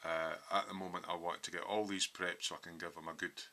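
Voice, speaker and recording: A man's voice: deep voice, little pitch movement, fairly quick, sharp tone. A man in a home hobby workshop, casually walking through his model build with lots of ums as he explains his thinking.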